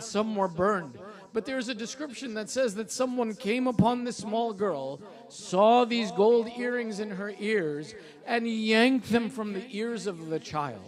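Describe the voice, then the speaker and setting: A male preacher reciting a mournful, elegiac sermon that swells into impassioned cries. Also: sits high.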